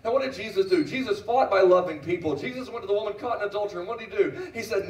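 In a church sanctuary, a middle-aged pastor races through his sermon with few pauses, his high-pitched voice carrying a darkish tone. He's emphatic, repeats phrases, and puts questions to the congregation; the recording is roomy and distant.

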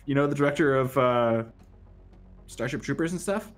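A joking man banters on a live game stream, pitching silly ideas and reading chat messages aloud. His voice sits at an average pitch for a man. Faint music plays behind the chat. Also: normal speed. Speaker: streamer co-host. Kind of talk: casual live-stream chat over gameplay.

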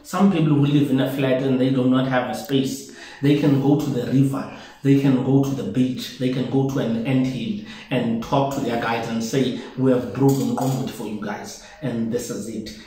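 A man's voice: mid-range voice, little pitch movement, moderate pace, mellow, slight background noise. A South African man, a traditional healer, demonstrating a home brewing process in a casual way and often repeating his phrases as he shows each step. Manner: repeats phrases while showing steps. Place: newly moved-into home. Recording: very echoey bare room.

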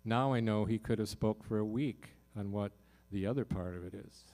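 A man's voice: fairly low pitch, moderate pace, darkish tone. A man, a singer-songwriter on a concert stage, telling a heartfelt personal story to a live audience with many fillers and restarts.

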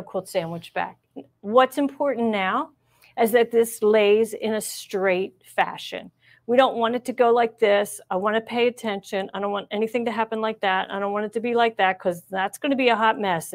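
A middle-aged woman teaching a live machine embroidery demonstration, chatty and encouraging as she narrates each step. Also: medium pitch. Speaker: embroidery instructor. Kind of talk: live-streamed sewing demonstration.

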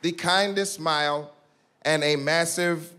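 Man, comedic roast delivery, slow-paced, mock-shocked asides, loud live audience, noisy stage. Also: on the high side, fairly even intonation. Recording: loud live crowd noise.

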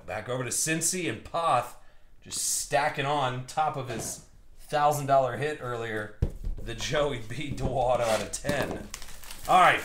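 Excited man calling a card break. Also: mid-range voice, slight background noise. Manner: excited, slangy, calls out cards and buyers. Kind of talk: live stream card break commentary. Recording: roomy echo.

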